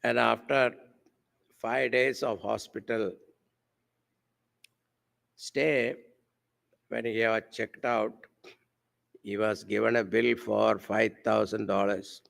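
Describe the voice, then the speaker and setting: A man giving a devotional sermon at a camp, speaking slowly and deliberately, asking his listeners rhetorical questions and using Sanskrit terms. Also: lowish voice, little pitch movement, gravelly, fairly bright tone. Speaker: swami giving a spiritual discourse. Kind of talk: devotional sermon with a told story. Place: camp hall with a live audience.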